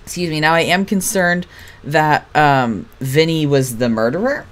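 A woman's voice: deep voice, unhurried. A woman streaming a game, reacting with sassy, swearing casual commentary.

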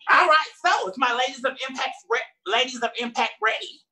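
Sassy bright-voiced woman emcee. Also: sits high, expressive, brisk, rough recording. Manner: sassy, playful banter with the crowd. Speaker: emcee of a live-streamed show. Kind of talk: live event hosting.

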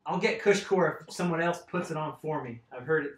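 A man's voice: fairly high pitch, brisk. A man casually chatting on a live stream while working on his bike, rambling and answering viewers' comments. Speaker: mountain bike vlogger. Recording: roomy echo.

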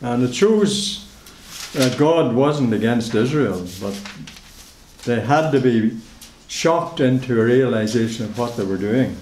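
A male preacher delivers a sermon in a measured way, often repeating a phrase to press it home. His voice sits in a middle pitch, and the church hall around him gives it a roomy echo. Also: expressive, darkish tone, slight background noise. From Northern Ireland.

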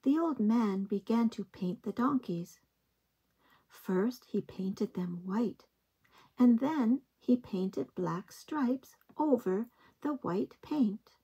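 Lady doing kids storytime, slow and gentle, really breathy husky voice. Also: on the high side, dull audio. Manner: slow, gentle, expressive read-aloud. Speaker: early-years storytime reader. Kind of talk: reading picture books aloud to young children.

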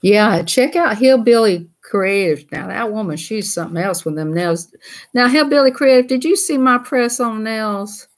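A woman's voice: fairly high pitch, lively intonation, normal speed. A woman hosting a casual livestream. She talks in a folksy, chatty way and laughs easily. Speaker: livestream host.

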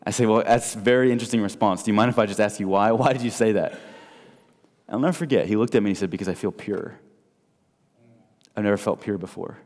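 A man preaching an evangelistic sermon, telling stories and swinging between loud and soft. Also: fairly low pitch, fast talker. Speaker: guest speaker. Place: large church hall. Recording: long hall reverb.

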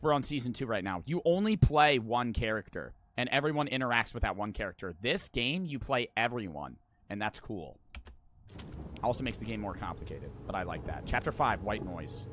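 A man commentating a horror game as he plays, excitable and joking, with plenty of swearing. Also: mid-range voice, moderate pace, a little hiss or hum. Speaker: gaming streamer. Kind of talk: gameplay commentary. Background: game music.

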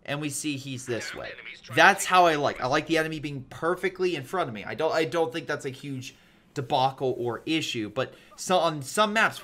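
A man giving chatty, animated play-by-play commentary on a strategy game replay, with lively asides to his viewers. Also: medium pitch. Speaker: video game replay caster.

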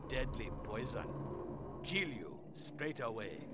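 A man's voice: mid-range voice, lively intonation, slow. An actor playing a humble male farmer in a video game, speaking in simple, broken phrases. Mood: warning. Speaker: game character. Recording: game audio with loud noise.

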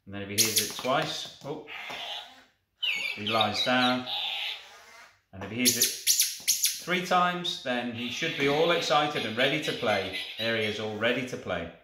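A man's voice: mid-range voice, lively intonation, measured pace, long pauses. A man reviewing a toy, talking it through in a coaxing sing-song and praising it as he shows each feature. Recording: echoey room with clear background noise.

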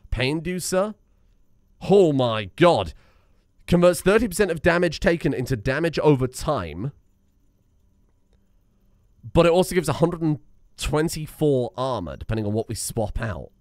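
Man rambling through game commentary, very animated. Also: mid-range voice, dry recording, studio quality. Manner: rambling, self-mocking, swears a lot. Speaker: streamer playing a video game. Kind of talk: casual gameplay commentary.

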